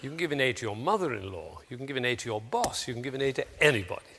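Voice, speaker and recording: A man speaking to an audience of teachers, theatrical and animated, acting out the people he quotes in sudden high voices. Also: rapid-fire, long reverb tail, a little hiss or hum.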